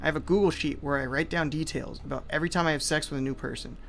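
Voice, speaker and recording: A man's voice: on the high side, steady tone, racing, vocal fry, fairly bright tone, faint music behind. A man streaming live, reading chat aloud and riffing on it in a loose, rambling way full of "like" and trailing asides.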